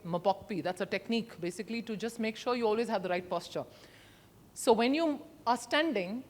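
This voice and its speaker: A middle-aged woman, giving an interactive workshop talk at a conference, emphatic and expressive, using her voice to demonstrate. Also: on the high side. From India. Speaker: conference speaker. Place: large conference hall. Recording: long hall reverb.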